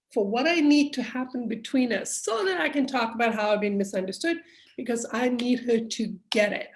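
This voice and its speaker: A middle-aged woman speaking slowly and candidly, thinking aloud with pauses as she reflects on her own feelings. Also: on the high side. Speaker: self-help speaker. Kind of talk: reflective personal talk.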